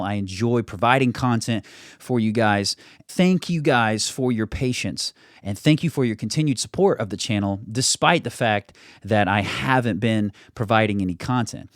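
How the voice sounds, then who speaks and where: A man's voice: medium pitch, dry recording. A young American man with only a faint regional accent, hosting his channel in a chatty, self-deprecating way from his studio. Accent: mild general American, little regional trace. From United States. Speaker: YouTube channel host. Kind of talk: casual vlog monologue. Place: home studio.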